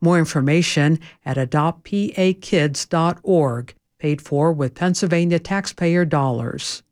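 An announcer reading a scripted sponsor message in an even way. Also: mid-range voice, measured pace.

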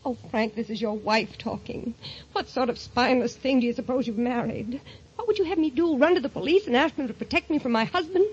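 An actress playing a devoted, stubborn young wife, speaking in an emotional, pleading, insistent way, 1940s radio acting style. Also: female voice, a little high, steady tone, normal speed, husky. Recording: dull lo-fi old radio recording.

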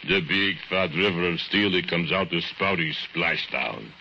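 A brooding drunken foundry laborer. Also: male voice, gravelly, bright, forceful tone, slight background noise, exaggerated voice. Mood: gloating. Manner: broken English, slow, gloating with low chuckles. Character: brooding drunken immigrant foundry laborer, male, middle-aged. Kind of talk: 1940s radio acting. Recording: muffled old radio broadcast with music.

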